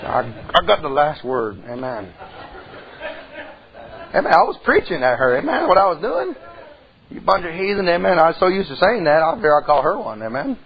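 A middle-aged man, preaching a folksy sermon that swings between loud outbursts and hushed tones. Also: a little high, big pitch swings, fairly quick, lo-fi sound. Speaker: pastor.

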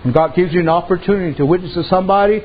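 A man's voice: sits high, rapid-fire, slightly rough, narrow, tinny audio. A man preaching a sermon as pastor, telling folksy stories and acting out the people in them. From Native American reservation community. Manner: folksy storytelling preacher, acts out voices.

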